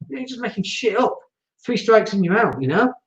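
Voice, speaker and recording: A man's voice: sits high, sing-song, normal speed. A man hosting a property investing show, talking bluntly in a casual monologue and acting out the voices he quotes. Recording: roomy, dull lo-fi sound.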